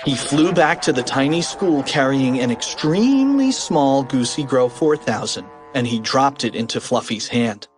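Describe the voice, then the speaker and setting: A man narrating a children's audiobook in an animated, expressive read. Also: mid-range voice, normal speed, hardly any pauses, soft background music.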